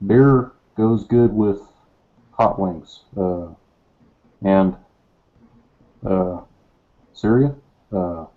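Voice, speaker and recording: A man doing a halting president impression. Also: low voice. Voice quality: soft-spoken, full of slow uh pauses. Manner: hesitant, halting delivery. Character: impression of a halting male president, stumbling through a speech. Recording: tinny phone-like call audio.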